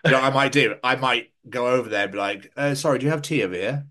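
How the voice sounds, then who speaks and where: A man's voice: mid-range voice, fast talker, sharp tone. A young man from England co-hosting a podcast in casual, sweary, rambling chat, often laughing and slipping into mock voices. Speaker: podcast co-host.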